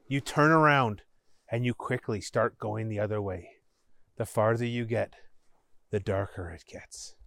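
A man hosting a podcast, narrating an interactive story in a measured way, with his voice dropping low for suspense. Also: gravelly, fairly bright tone, no echo.

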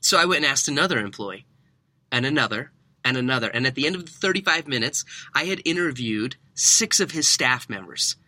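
Youngish guy in his 30s on a podcast, super bright forceful voice, dry close sound, tells stories all animated and does the voices. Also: mid-range voice, brisk, dry recording. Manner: lively storyteller who acts out quoted dialogue. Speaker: podcast guest, workplace researcher. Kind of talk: animated storytelling interview.

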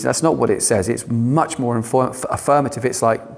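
A man preaching a sermon, animated and given to sarcastic asides. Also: mid-range voice, a little fast.

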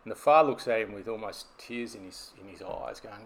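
A man's voice: fairly low pitch, brisk, fairly bright tone. A man, a business coach telling stories and explaining ideas in a podcast conversation. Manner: storytelling, explanatory.

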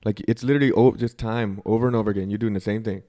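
A man's voice: on the low side, steady tone, racing, warm tone. A man co-hosting a podcast who rambles through analogies, says "like" constantly and swears casually. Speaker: podcast co-host.

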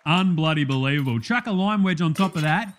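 A man's voice: on the high side, expressive, fairly quick, a faint crowd, lightly acted. A man playing a brash, blokey male Australian TV cooking host with an Australian accent, in a comedy cooking-show parody full of crude matey banter.

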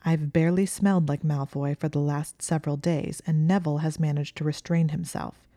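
Defiant young witch from a read-aloud story, icy and clipped, voiced by a woman narrator; low, dark tone. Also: steady tone, brisk, dry recording, studio quality, natural voice. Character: young female student witch, defiant and proud.

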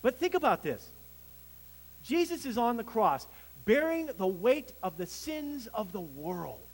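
A man preaching a sermon as pastor, swelling to emphatic peaks and dropping low, with some restarts. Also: big pitch swings, unhurried, husky, long reverb tail, low-quality recording.

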